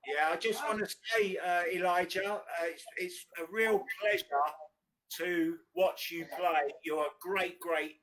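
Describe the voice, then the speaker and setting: A man's voice: high-pitched, measured pace, fairly bright tone, low-quality recording. A man commentating on a live stream, praising and teasing players in a playful way.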